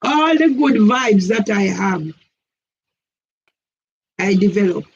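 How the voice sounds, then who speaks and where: Guy going off at someone on his stream, high husky voice, keeps repeating himself, muffled lo-fi sound. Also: lively intonation, slow pace. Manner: accusing, repetitive, confrontational. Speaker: channel host. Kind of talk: live-stream rant at a viewer. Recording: dull lo-fi audio.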